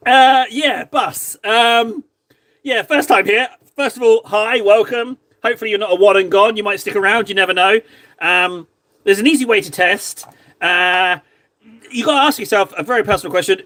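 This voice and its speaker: A man casually chatting to his stream viewers while painting models, joking around and sometimes mock-shouting at them. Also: sits high, animated, moderate pace. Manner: playful, jokey, mock-shouts insults at viewers. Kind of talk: casual live-stream chat.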